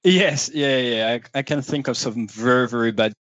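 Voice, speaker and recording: A man with a French accent answers in a remote interview, modest and quick to laugh, repeating words as he goes. The sound is dry, with no room around it. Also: medium pitch, a bit bright, dry recording, highs cut off. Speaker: guest pilot.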